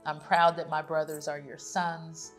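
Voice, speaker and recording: A woman's voice: deep voice, level tone, a little slow, soft background music. A woman giving a heartfelt tribute as a daughter, affectionate and close to tears. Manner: emotional, affectionate, near tears.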